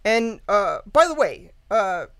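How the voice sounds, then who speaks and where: A woman's voice: mid-range voice, sing-song, slow, fairly bright tone, clear, resonant tone, dry recording. A woman guest casually retelling a true-crime story, rambling with lots of fillers, laughing and swearing. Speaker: podcast guest.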